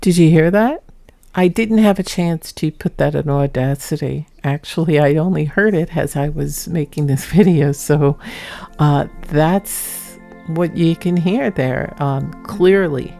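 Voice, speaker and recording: A woman talks through her home videos in a low, gravelly voice. Her delivery is chatty and rambling, with frequent laughs. Music plays clearly beneath her. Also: unhurried, dark tone, no echo. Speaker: paranormal vlogger narrating her footage. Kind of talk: casual voice-over narration.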